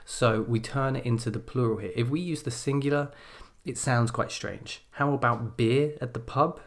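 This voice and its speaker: A man giving a recorded English grammar lesson, explaining clearly and slowing down when he reads example sentences aloud. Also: mid-range voice. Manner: explanatory, measured, slows down to read example sentences. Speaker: English exam teacher. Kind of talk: scripted video lesson.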